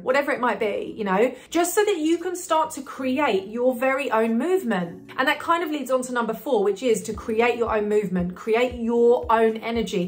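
Chatty woman coaching on marketing. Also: fairly high pitch. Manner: chatty, upbeat, many fillers and restarts. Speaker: business coach. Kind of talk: talking-head marketing advice video.

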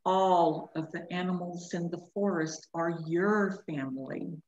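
A woman voicing a great silver male wolf who speaks slowly, deliberately and gently. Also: fairly low pitch, natural voice. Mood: gentle. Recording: echoey room, dull lo-fi sound.

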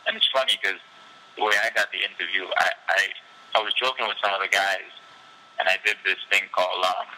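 A man's voice: deep voice, fairly quick, sharp tone, poor audio. A professional fighter being interviewed, a man telling his story candidly and casually, with loose fillers and frequent laughs.

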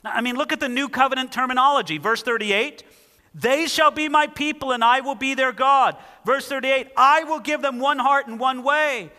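A man preaching a sermon, reading scripture aloud and speaking it with lively emphasis. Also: extremely high pitch, moderate pace, in a large hall. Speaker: pastor.

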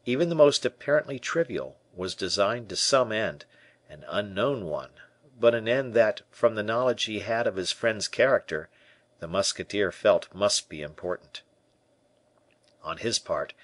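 A man narrating a classic adventure novel in an expressive audiobook reading. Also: lowish voice, normal speed, no room sound. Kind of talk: scripted narration.

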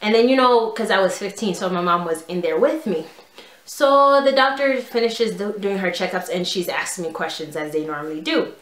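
A woman's voice: medium pitch, normal speed. Chatty young woman in an echoey room. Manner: casual, animated storytelling with lots of "like". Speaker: vlogger. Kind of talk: storytime vlog.

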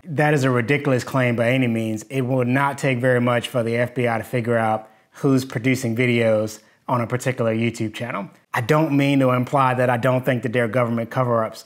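A man's voice: mid-range voice, fairly even intonation, a little fast, hardly any pauses. A man teaching in a video lesson, plainspoken and skeptical as he picks apart hoaxes. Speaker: engineering YouTuber.

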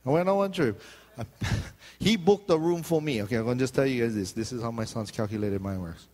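A middle-aged pastor with a Hawaiian Pidgin accent preaches a joking sermon, telling stories in a chatty way and slipping into different voices. His mid-range, darkish voice moves at a quick pace.

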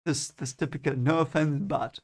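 A man's voice: a little high, steady tone, moderate pace, a little mellow. A young man giving first-time read-along commentary on a book, hesitant and repeating his words, often chuckling. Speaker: book reader reacting.

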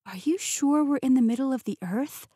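A woman's voice: high voice, lively intonation, moderate pace, dark tone, breathy edge, no room sound, studio quality, pitched above the performer's own voice. A woman voicing a curious, wary young heroine. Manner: curious, incredulous questions. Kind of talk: audiobook character voice.

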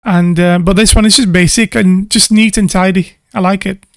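A man's voice: sits high, fairly even intonation, normal speed, vocal fry. A man, a music producer, giving casual reaction commentary in an enthusiastic, gushing way and laughing often.

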